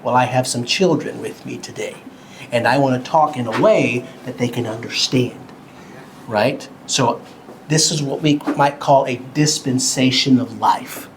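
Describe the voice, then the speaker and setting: A man teaching a Bible lesson to children at home, talking slowly and simply, a bit cartoonish, and asking the kids questions. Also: medium pitch, slight background noise, low-quality recording.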